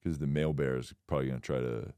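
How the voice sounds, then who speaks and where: Man, comedy podcast co-host, very deep voice, deadpan, dry sound. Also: racing, smooth, no echo. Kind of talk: casual comedic chat.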